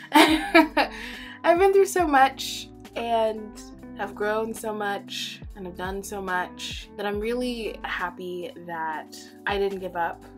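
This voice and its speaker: A young woman in her twenties chats to camera in a loose, rambling vlog, breaking into laughter often and sounding close to tears. Her pitch sits in the middle of the usual range. Background music plays clearly under her voice. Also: animated, takes it slowly. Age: 20s. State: holding back tears. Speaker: vlogger. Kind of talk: casual personal vlog.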